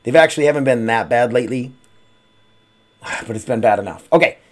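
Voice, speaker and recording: A man hosts a casual podcast from his home. He rambles from one thought to the next, swears freely and fills pauses with "uh." He sounds like an ordinary guy chatting into a mic. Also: mid-range voice. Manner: rambling, profane, frequent "uh" fillers. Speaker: podcast host. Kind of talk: casual solo podcast chat.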